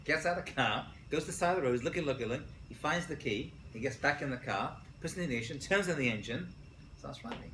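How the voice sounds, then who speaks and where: Lively male rabbi lecturer, bright voice, echoey college room, jokes with the class. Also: medium pitch, quick pace, a little hiss or hum. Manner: jokey, asks the class questions. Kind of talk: animated lecture with stories.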